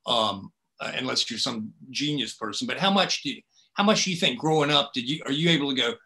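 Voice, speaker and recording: A man's voice: medium pitch, fairly quick, bright, forceful tone. A man from South Carolina, a writer interviewing a fellow author in a casual, folksy and wry way. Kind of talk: casual conversation.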